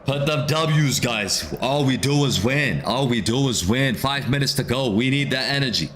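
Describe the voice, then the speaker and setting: A man's voice: medium pitch, lively intonation, moderate pace, fairly bright tone, slight background noise. A man streaming a live match watchalong, calling the play and urging his chat, repeating phrases over and over. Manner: repeats phrases, urges chat, erupts when a goal goes in.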